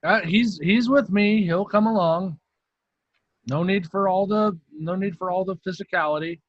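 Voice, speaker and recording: A calm adventurer talking guards down in a tabletop game, placating and unhurried, as a man voices him. His voice sits fairly high, and the sound is dry and slightly dull. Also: dry recording.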